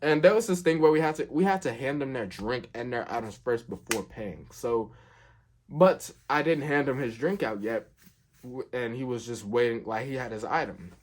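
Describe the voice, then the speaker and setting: A man's voice: mid-range voice, normal speed, slight background noise. A young man telling a work story in a casual storytime, rambling and filling gaps with "like" and "um". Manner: rambling, filler-heavy, keeps saying "like".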